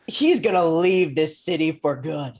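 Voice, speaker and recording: A man's voice: a little high, darkish tone. A man playing a tabletop role-playing game, thinking aloud in a hesitant, deliberating way. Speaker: player.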